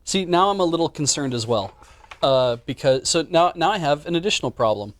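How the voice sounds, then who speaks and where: A man's voice: fairly high pitch, animated, a little fast. A man hosting a live stream, chatting casually and joking with stumbling restarts. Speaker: stream host.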